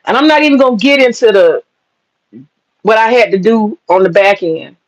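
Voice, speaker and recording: A man's voice: high-pitched, lively intonation, normal speed, lo-fi sound. A man telling a story in a casual monologue, emphatic and profane, repeating lines for punch. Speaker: storyteller recounting political campaign work.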